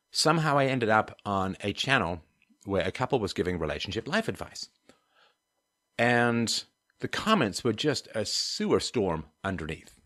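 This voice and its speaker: This livestream host has a lowish, fairly bright voice, recorded with no room sound. Taking questions from chat and asking for donations, he wanders off on wry tangents and laughs frequently.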